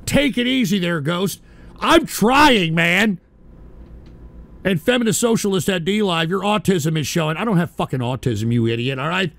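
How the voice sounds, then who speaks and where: Gravelly high-voiced man ranting as host. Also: lively intonation, normal speed, no echo. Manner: profane, shouting outbursts, repeats "all right". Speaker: radio show host. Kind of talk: angry live-stream rant.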